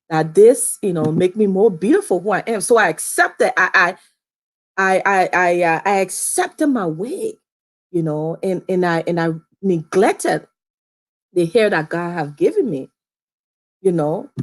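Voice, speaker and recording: A woman's voice: on the low side, a little mellow. Woman from Liberia, young adult, casual storytelling, chatty, repeats herself. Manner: chatty, repeats phrases, often addresses viewers as guys. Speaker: vlogger.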